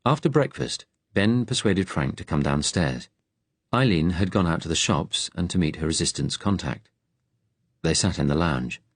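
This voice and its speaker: A deep, low-pitched man reads a wartime thriller aloud in a steady, serious, measured way. The sound is close and dry, with no room around it. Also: husky, dry recording. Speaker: audiobook narrator. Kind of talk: scripted narration.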